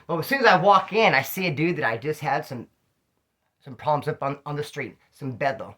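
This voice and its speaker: A middle-aged man telling rambling, slang-filled prison stories in a casual, animated way, a little tipsy. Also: on the high side, a little fast. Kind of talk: casual storytelling to camera.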